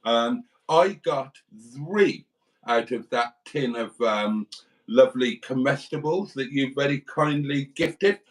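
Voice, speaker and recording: A man's voice: medium pitch, slow pace, recorded from a distance, rough recording. A British man hosting a livestream, rambling through anecdotes and calling his viewers darlings. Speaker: livestream host. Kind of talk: casual livestream chat.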